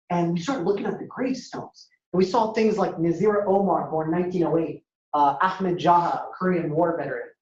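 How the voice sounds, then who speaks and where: A man giving a lively storytelling talk as a guest speaker at a university, acting out dialogue in a casual way. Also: high-pitched. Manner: animated, acts out dialogue, casual. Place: university lecture hall. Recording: echoey hall, dull lo-fi sound.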